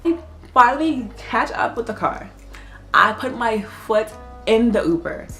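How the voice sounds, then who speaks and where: A woman telling a personal story in a casual vlog, animated, laughing often and swearing freely. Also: on the high side, unhurried, soft background music.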